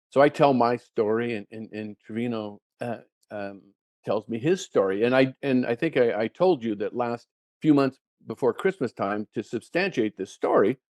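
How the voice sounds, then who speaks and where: An older man, a guest and former touring golfer, telling stories in a casual, animated way with many restarts and repeated words. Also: on the low side, dry recording. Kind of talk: casual storytelling.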